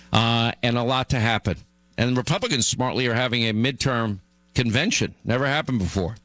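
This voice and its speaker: A man's voice: mid-range voice, brisk, a bit bright, no echo. A middle-aged man hosting a talk radio show, delivering an emphatic monologue that gets worked up.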